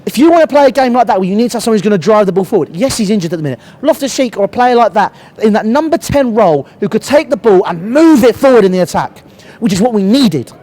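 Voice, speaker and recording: A young British man with a cold delivers a heated fan rant to camera as a football reviewer, blunt, passionate, and swearing often. His high-pitched voice is expressive, quick, and warm in tone, and it cracks from his cold.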